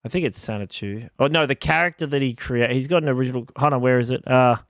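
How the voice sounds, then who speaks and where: A man's voice: medium pitch, quick pace, no room sound, clean studio sound. A man co-hosting a casual podcast, telling a rambling story, often laughing and searching for words. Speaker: podcast co-host. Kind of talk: casual chat.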